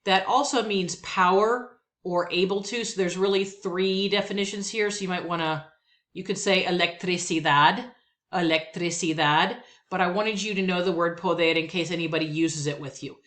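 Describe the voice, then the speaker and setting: A woman teaching Spanish vocabulary, saying each word twice in a slow, careful way and explaining plainly. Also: on the low side, fairly even intonation, fairly bright tone. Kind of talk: vocabulary lesson, reading word lists.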